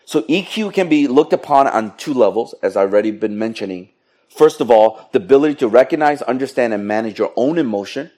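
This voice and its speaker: A middle-aged man preaching a sermon in a lively, joking way with playful asides to the congregation. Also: medium pitch, fairly quick. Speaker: pastor.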